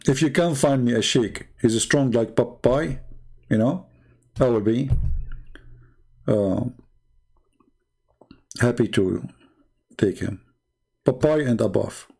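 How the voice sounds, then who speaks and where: Sarcastic man with a gravelly voice. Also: medium pitch, slow, pauses often, darkish tone. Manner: sarcastic, rambling, heavy non-native English. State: losing his voice. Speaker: live stream host. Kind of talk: mocking live-stream monologue.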